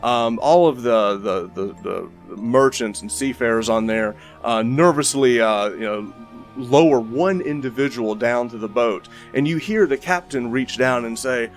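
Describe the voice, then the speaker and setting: A man's voice: medium pitch, a little slow, faint music behind. A man narrating as game master of a tabletop game, rambling with frequent restarts.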